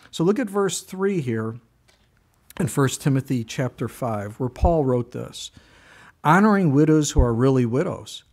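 A man pastor preaching a sermon in a conversational storytelling way, with animated asides and high, strained bursts when he acts out his own complaining.

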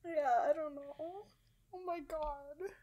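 A woman's voice: sits high, steady tone, slow pace, mellow. A young adult woman co-hosting a casual podcast, emotional and blunt, swearing often and slipping between laughter and tears. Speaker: podcast co-host.

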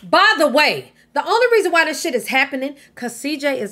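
Woman commentator, high voice swooping all over, blunt and exasperated. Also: sing-song, brisk, hardly any pauses, a bit bright. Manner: blunt, exasperated, swearing freely. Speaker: reaction channel host. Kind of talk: casual commentary.

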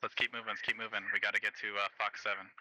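A man's voice: on the low side, flat delivery, racing, slight background noise, low-quality recording. A man acting as commander in a tactical shooter game, giving urgent, clipped orders to his squads over gunfire. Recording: game audio with loud gunfire.

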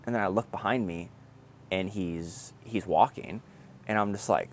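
A young man, a triathlete, telling his race story in a casual, excited way, laughing often and swearing now and then. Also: low voice, moderate pace, slight background noise.

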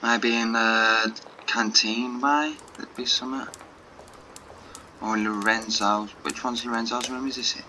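A man's voice: medium pitch, steady tone, measured pace, pushed and bright, slight background noise, poor audio. Casual man muttering game commentary. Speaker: gaming channel host. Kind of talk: let's play commentary.

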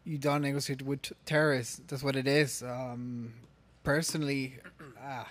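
A man's voice: mid-range voice, little pitch movement, normal speed, a bit bright, slight background noise. A man from the Middle East speaking on a podcast in casual chat, hesitant, with restarts and many fillers. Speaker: podcast co-host.

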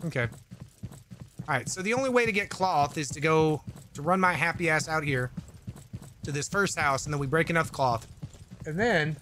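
A man's voice: fairly high pitch, lively intonation, normal speed, pauses often, sharp tone, slight background noise. A man streaming a game, rambling and joking in casual commentary while reading chat aloud. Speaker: gaming streamer.

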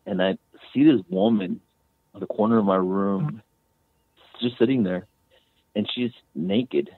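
Gravelly man on a tinny remote line. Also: on the low side, unhurried, dry recording. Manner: rambling, many restarts, fillers like "you know" and "man". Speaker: guest author and medium. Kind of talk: casual storytelling.

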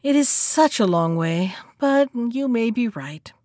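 A woman voicing a clever male monkey who talks with breezy, mocking calm in a storybook reading. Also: a little high, normal speed, dry recording, clean studio sound. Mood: careless.

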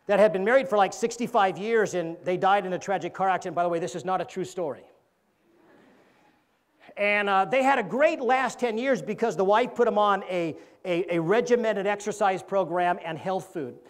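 In a church, a male evangelist preaches a sermon and cracks a joke, acting out the characters with animated voices. His voice sits high and moves a little fast.

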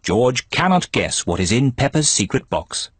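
A woman narrating a children's cartoon in a gentle, amused storybook style. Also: very deep voice, big pitch swings, normal speed, slightly rough, dry recording. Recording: music behind the voice.

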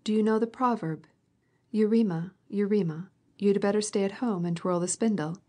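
A woman reading aloud, voicing a wry, mocking gentleman with a dry, sardonic manner in an audiobook. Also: mid-range voice, normal speed, natural voice.

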